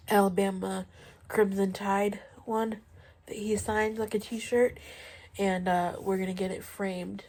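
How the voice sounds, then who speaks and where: Pedaling an exercise bike at home, a vlogger in her twenties chats in a laid-back, rambling way packed with fillers. Her voice is medium-pitched and creaky, and stuffy from allergies.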